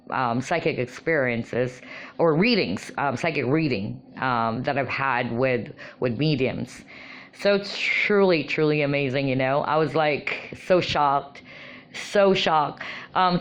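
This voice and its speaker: Low-voiced woman telling a personal story. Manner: animated, many fillers like "you know" and "um". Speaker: vlogger sharing personal experiences.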